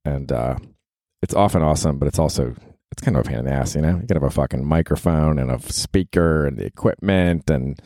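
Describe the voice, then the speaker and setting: A man's voice: extremely low pitch, fast talker, warm tone, dry recording, studio quality. A man in his forties hosting his own podcast, rambling casually with profanity and self-mockery. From New York. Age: 40s. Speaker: podcast host. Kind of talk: casual solo podcast monologue.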